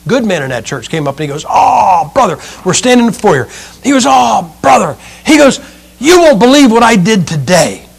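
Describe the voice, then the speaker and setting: A man preaching a sermon, emphatic, swinging between loud outbursts and hushed lines. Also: high-pitched, big pitch swings, fairly quick.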